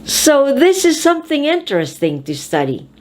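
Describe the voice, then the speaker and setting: A woman hosting an English pronunciation lesson, speaking with slow, deliberate, emphatic enunciation as a speech teacher. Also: high voice, huge pitch swings, darkish tone.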